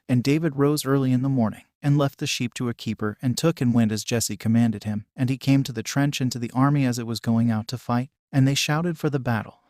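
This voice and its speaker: A man's voice: mid-range voice, dry recording. Man reading scripture, dry and close. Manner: measured, even reading. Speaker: audiobook narrator.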